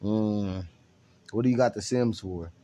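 A man's voice: on the low side, unhurried, mellow, a little hiss or hum. A young man hosting a casual podcast, teasing and laughing often while swearing freely. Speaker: podcast host. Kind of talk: casual profane podcast chat.

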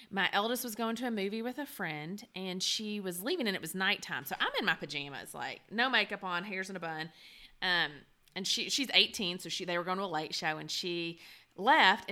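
A woman's voice: mid-range voice, pushed and bright. A woman in her forties, telling a funny story in casual chat, laughing often with lots of fillers. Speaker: podcast co-host.

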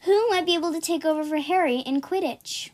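A woman's voice: very high voice, a little fast, a little mellow. A young woman co-hosting a casual podcast, reading jokes aloud and explaining the punchlines with lots of giggling. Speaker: podcast co-host.

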